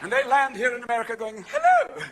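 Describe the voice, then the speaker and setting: A man doing a stand-up comedy routine, manic, swinging between shouts and hushed asides, recorded live on stage. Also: high-pitched, big pitch swings, quick pace, slight background noise.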